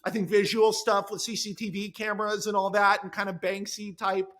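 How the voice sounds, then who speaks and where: High, bright-voiced man telling a story. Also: a little fast. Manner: animated, rambling storytelling with many asides. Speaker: screenwriter guest. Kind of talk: casual podcast chat.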